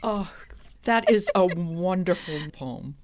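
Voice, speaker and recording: Woman host, lowish voice, swoopy pitch, easy chat. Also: expressive, slow, a crowd in the background. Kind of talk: casual chat.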